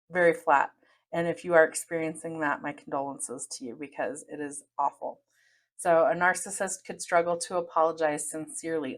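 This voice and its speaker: Low-voiced woman giving earnest advice. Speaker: podcast host. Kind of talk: advice monologue.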